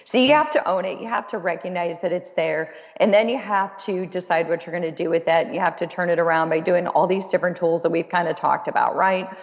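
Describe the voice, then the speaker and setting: A creaky, lowish female voice comes through a little fast, barely pausing, in dull lo-fi audio with long reverb. She is a host and counselor chatting casually and encouragingly in a webinar, often poking fun at herself.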